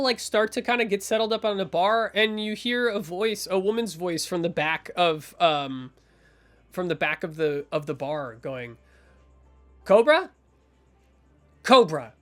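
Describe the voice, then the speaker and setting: A man's voice: high voice, a bit bright. A man narrating as game master in a rambling way, full of fillers and restarts.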